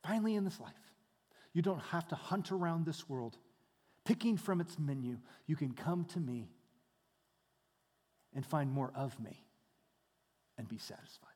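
A man preaching a sermon, shifting between hushed, quiet passages and loud, animated storytelling. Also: on the high side, unhurried, pauses often. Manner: dynamic preaching, dropping to hushed tones then rising loud. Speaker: pastor. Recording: long hall reverb.

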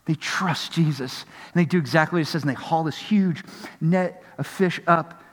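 A man's voice: fairly high pitch, normal speed, big-room sound. A man preaching a sermon as pastor, acting out the voices of people in the story.

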